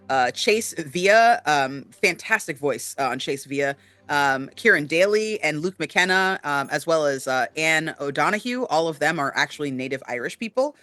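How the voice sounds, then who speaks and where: Bright-voiced man co-hosting a chat. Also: a little high, no echo. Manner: earnest, many fillers, warm shout-outs. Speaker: co-host. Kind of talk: casual chat.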